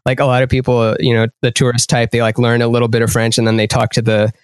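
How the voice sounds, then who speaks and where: A man's voice: mid-range voice, completely flat delivery, fast, smooth, no echo. A young man, a guest artist and podcaster, musing his way through a casual interview with lots of "like". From partly raised in Canada.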